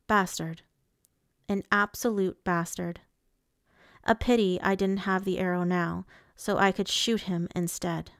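A woman narrating a novel in the first person with a measured, even storytelling manner. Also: on the low side, no room sound, studio quality. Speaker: audiobook reader.

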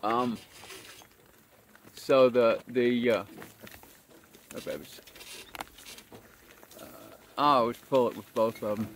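A man's voice: mid-range voice, fairly even intonation, takes it slowly, pauses often. A man training donkeys talks casually in a folksy way while driving them outdoors on a cart. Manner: folksy, mild exclamations, calls out to animals. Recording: outdoor noise with animals and vehicles.

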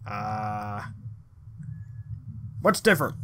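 A man's voice: fairly low pitch, big pitch swings, drawn-out words, a bit bright, a little hiss or hum. A man commentating his horror game playthrough in a confused, rambling way with frequent swearing. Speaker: let's play gamer.

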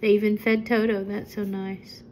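An older woman reading a children's book aloud to a listener, with gentle chatty asides. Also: mid-range voice, little pitch movement, moderate pace, noisy background. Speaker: storyteller.

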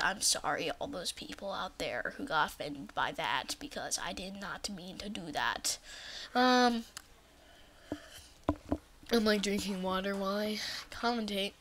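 A woman narrates her game in a goofy, rambling way at an unhurried pace. She slips into whispered asides and breaks into excited shrieks when something happens. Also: medium pitch. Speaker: let's play commentator. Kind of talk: gameplay commentary.

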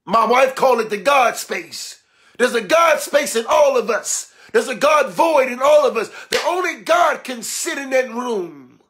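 A man preaching a sermon, swinging between emphatic shouts and hushed, low passages, calling out to his listeners. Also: lively intonation, unhurried. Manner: calls out exclamations and asks the listeners for response.

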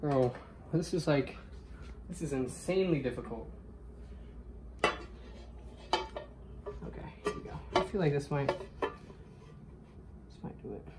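A man's voice: a little high, a little slow, long pauses. Young guy muttering over a noisy room. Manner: casual, frustrated muttering to himself as he works. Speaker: vlogger. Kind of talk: casual chat while assembling gear. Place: room at home.

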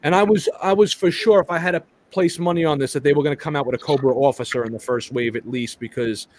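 A man's voice: fairly high pitch, quick pace, darkish tone. A man hosting a live toy chat stream, talking casually with lots of restarts and stumbles and some casual swearing.

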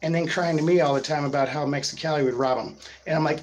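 Dude-saying guy vlogging, slangy and laid-back, kinda high voice, faint noise behind. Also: steady tone, quick pace, hardly any pauses, rough recording. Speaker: vlogger treasure hunter. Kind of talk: casual storytelling.

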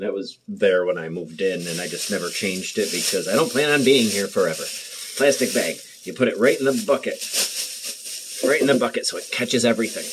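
A medium-pitched male voice, with slight background noise, belongs to a young man vlogging from his home bathroom. He rambles nervously and jokes to the camera in casual chat, recorded on a muffled built-in camera mic.

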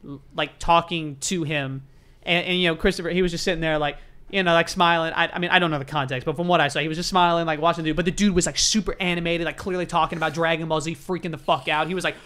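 A man talking quickly in a loose podcast chat, with a slightly high, bright voice. He is eager and swears freely. He piles his words on fast. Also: steady tone, clean tone. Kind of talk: casual late-night chat.

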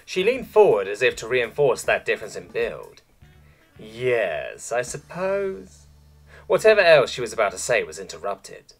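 A man reads a science fiction story aloud in an expressive, scripted narration. His voice is husky and moves a lot in pitch. Faint music plays underneath. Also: a little fast, hardly any pauses. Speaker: audiobook narrator.

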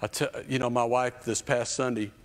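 A man's voice: mid-range voice, little pitch movement, a little fast. A man in his fifties preaching a sermon as a children's pastor, emphatic and repetitive, building in intensity. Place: church stage. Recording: reverberant church hall.

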